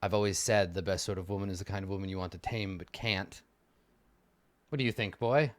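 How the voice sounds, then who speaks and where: A man's voice: low-pitched, steady tone, brisk, dry recording, pitched below the performer's own voice, natural voice. A man voicing a proud, stern noble warrior uncle who scorns cowardice in a tabletop role-play. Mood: smug.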